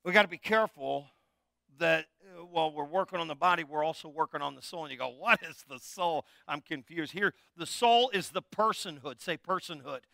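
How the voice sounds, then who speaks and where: Middle-aged male pastor, conversational jokey sermon with call-and-response, bright crisp voice. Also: fairly high pitch, fairly quick, dry recording, clean studio sound.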